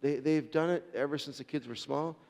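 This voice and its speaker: A man's voice: on the high side, a little fast, a little mellow, big-room sound. A man preaching a sermon as pastor, telling a story in an earnest way with frequent restarts.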